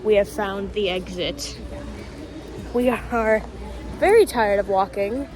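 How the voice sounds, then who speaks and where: A woman casually vlogging to camera from her phone, excitable and playful, swearing now and then. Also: medium pitch, slow, slight background noise. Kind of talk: casual vlog chatter to camera. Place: stores, streets and a theme-park district.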